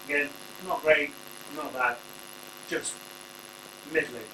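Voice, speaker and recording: A channel host reviews wrestling in a casual, rambling talk packed with jokey asides. His voice sits on the high side and he takes his time. The recording has an echoey room, a distant mic and a faint hum.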